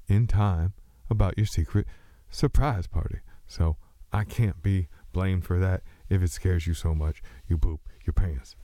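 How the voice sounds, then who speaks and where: A very deep, mellow-voiced man with a slight Texas twang rambles through a solo podcast monologue. He is loose and joking and often mocks himself as he meanders from thought to thought. The sound is close and dry. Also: no echo. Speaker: podcast host.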